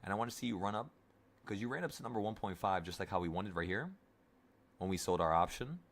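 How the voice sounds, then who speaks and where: Twenties male trading streamer, lowish voice, casual rambling coach. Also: expressive, fast talker, fairly bright tone. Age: 20s. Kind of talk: casual live trading talk to viewers.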